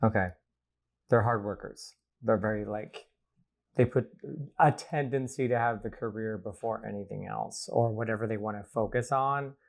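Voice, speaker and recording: A man's voice: on the low side, fairly even intonation, normal speed, gravelly. A man, a guest astrologer, talking playfully in a rambling, casual podcast chat recorded at home. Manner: playful, rambling, laughs often.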